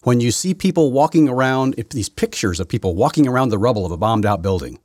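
A man's voice: mid-range voice, expressive, fast talker, a little mellow, dry recording, studio quality. A man hosting a solo political commentary podcast, rambling and combative, often correcting himself mid-sentence. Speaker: podcast host.

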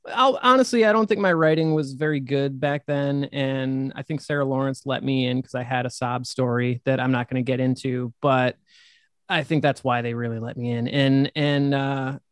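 A man's voice: mid-range voice, fairly even intonation, moderate pace, clean tone, no echo, clean studio sound. A man, a horror author and podcast guest, telling rambling stories in casual chat and swearing casually.

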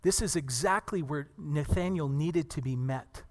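A man's voice: fairly high pitch, measured pace. Earnest male preacher in a reverberant hall. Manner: earnest, animated storytelling with acted quotes. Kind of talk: sermon.

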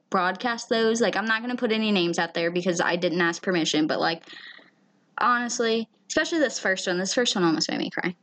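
A woman in a mid-range voice chats on her podcast, open and heartfelt with frequent swearing. She reads listener messages and muses on being vulnerable, in an easy, unscripted way. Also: medium pitch. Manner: candid and emotional, swears freely. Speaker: podcast co-host. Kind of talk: casual chat.

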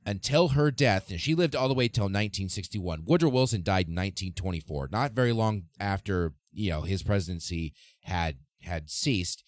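A podcast host telling history casually and irreverently, swearing freely. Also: male voice, low-pitched, normal speed, hardly any pauses, dry recording, clean studio sound.

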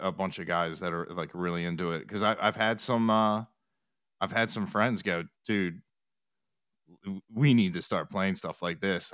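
A man's voice: low-pitched, fairly bright tone, smooth, no echo, studio quality. A man chatting as an interview guest, rambling with restarts and retold quotes. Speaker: podcast guest, TikTok music reactor. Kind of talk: casual interview chat.

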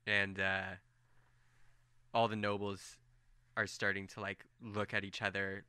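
A man's voice: lowish voice, level tone, a little slow, bright, forceful tone, smooth, no echo, studio quality. A man narrating a tabletop game as game master in a loose, casual storytelling manner.

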